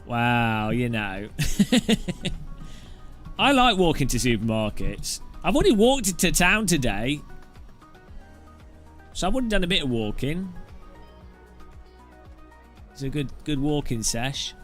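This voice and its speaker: A man's voice: medium pitch, sing-song, takes it slowly, pauses often, a bit bright, soft background music. A man from south-east England, chatting casually and jokily with viewers while sim racing at home. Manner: chatty, jokey, rambling. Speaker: streamer and host.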